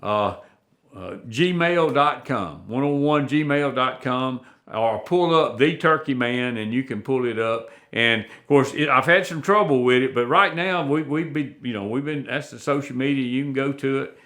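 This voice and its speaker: A man's voice: medium pitch, normal speed, fairly bright tone. A man, a veteran hunter telling stories in a plainspoken, folksy way with rural phrasing. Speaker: guest, veteran turkey hunter. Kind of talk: folksy storytelling.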